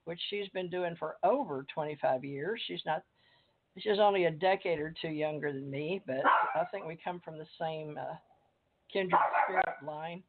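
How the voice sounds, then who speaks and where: A woman's voice: sits low, normal speed, slight background noise. An older woman hosting an online talk show, chatty and rambling as she reads a guest's bio aloud. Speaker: host. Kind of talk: casual call-in interview. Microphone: phone or computer call. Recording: tinny phone line.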